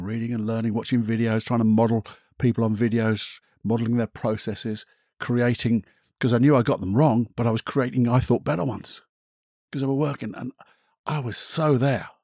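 A middle-aged man with a husky, slightly rough voice tells a personal story on his solo podcast. He is reflective and candid, swears casually and pauses often. The sound is dry and close, with no room around it. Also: mid-range voice, a little mellow, no room sound. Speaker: hypnotherapist podcast host.

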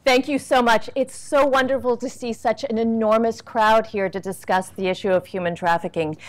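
A woman opens a policy panel and hands over to the first speaker. She speaks in a polished, formal moderator's manner at a middle pitch.

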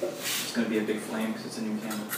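Man, casual teacher, relaxed explaining, lots of fillers, very echoey room, distant mic. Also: fairly low pitch, fast talker, heavy background noise. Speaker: teacher leading a Sabbath demonstration. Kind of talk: casual teaching to a small group.

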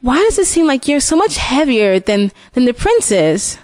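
A woman's voice: sits high, sing-song, moderate pace, darkish tone, dry recording, studio quality. A woman voicing a sweet, innocent young maiden in a storybook retelling, in her own voice.

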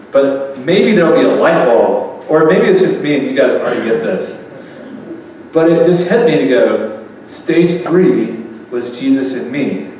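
A man preaches to a live audience in a loose, conversational way, tossing questions to the room. His voice sits at a middling pitch. The recording is distant and washed in long hall echo, with a faint murmur of room noise underneath. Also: a little mellow. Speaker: speaker at a faith event. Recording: echoey hall recording from far off.

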